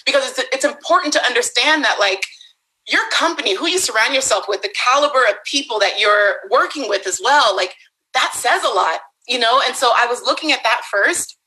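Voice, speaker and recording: A young woman giving an animated motivational talk to an audience, laughing often and acting out quotes. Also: on the high side, fairly quick, low-quality recording. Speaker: speaker on a summit panel.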